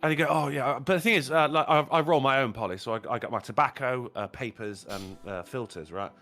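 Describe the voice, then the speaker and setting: A man's voice: mid-range voice, fast talker, fairly bright tone, soft background music. A man telling swearing pub stories on a casual stream. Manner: swearing anecdote-teller who acts out other people. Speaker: co-host. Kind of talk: casual podcast banter.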